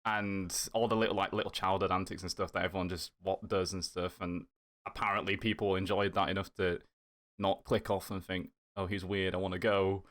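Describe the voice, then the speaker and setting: In a casual podcast guest spot, this content creator speaks a little fast in a low, level, slightly bright voice. He's keen and rambling, heavy on fillers and restarts.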